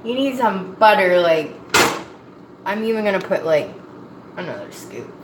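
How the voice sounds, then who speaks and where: This Nova Scotian cooking vlogger has a mid-range voice with big swings in pitch and a measured pace. She rambles in a folksy, self-deprecating style as she cooks at home in Canada. Pots and dishes clatter in the echoey kitchen recording.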